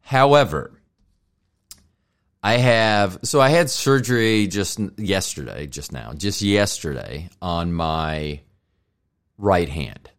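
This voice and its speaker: A man in his fifties hosting a podcast as a solo monologue, rambling from thought to thought, swearing casually, and joking at his own expense. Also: sits low. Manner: rambling, profane, self-mocking. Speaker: podcast host.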